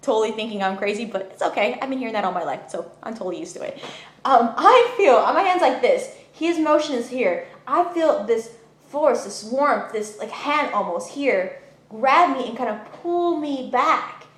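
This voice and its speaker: Woman, casual testimony, emphatic and chatty, slightly high voice, roomy echo. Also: normal speed. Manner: animated, emphatic, many fillers like "you know what I mean". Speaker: storyteller. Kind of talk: personal testimony, casual storytelling.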